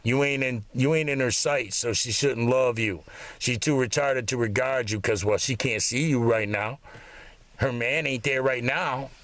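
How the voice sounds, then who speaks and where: A man's voice: mid-range voice, moderate pace, no echo. A man delivering an angry, profane, mocking monologue straight to the camera. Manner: loud and heated, then quieter and lecturing. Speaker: vlogger.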